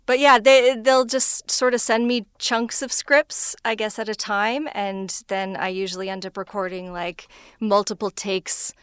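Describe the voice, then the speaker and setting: Chatty lady voice actor, laughs a lot, smooth clean voice, dry sound. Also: fairly even intonation, measured pace, dry recording. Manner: chatty, laughs often between thoughts; self-described higher-pitched voice. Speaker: voice actor guest. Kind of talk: casual interview chat.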